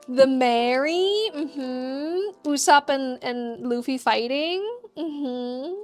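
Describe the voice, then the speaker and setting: A woman with a high voice chats with her livestream viewers as she crafts. She talks at a slow, easy pace and laughs often. Soft music plays faintly behind her. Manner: chatty and upbeat, laughs often, answers chat questions. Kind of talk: casual chat with live chat while crafting.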